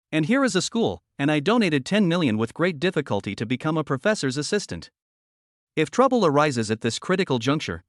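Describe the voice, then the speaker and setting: Lively male audio-novel narrator. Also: on the high side, no room sound, studio quality.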